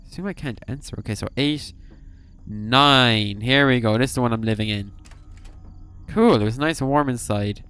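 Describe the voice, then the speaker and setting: Voicing let's play commentary for a horror game, a young man reads the on-screen text aloud and breaks into abrupt curses. His voice has a medium pitch, normal pace, and a clear, resonant, slightly bright tone.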